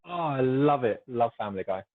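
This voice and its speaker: Fast-talking British man on a tinny line. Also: mid-range voice, animated. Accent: British English. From Essex, England. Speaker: podcast guest. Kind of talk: casual podcast chat. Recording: tinny phone-like call audio.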